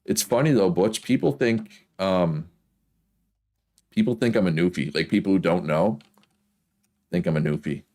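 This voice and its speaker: A man's voice: low-pitched, moderate pace, long pauses, dark tone. A man from Prince Edward Island with a strong Canadian East Coast accent, chatting casually and rambling with frequent laughs while playing a game. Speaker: gaming streamer.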